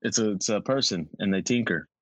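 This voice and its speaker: A man's voice: on the low side, brisk, a little hiss or hum. A man co-hosting a casual podcast roundtable, joking around and riffing off topic. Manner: goofy, jokey, riffs and goes off topic. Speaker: podcast co-host.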